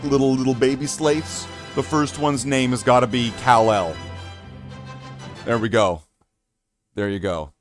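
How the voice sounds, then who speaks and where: A man chatting casually on a hobby live stream, rambling and joking at himself with many fillers and restarts. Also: lowish voice. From Canada.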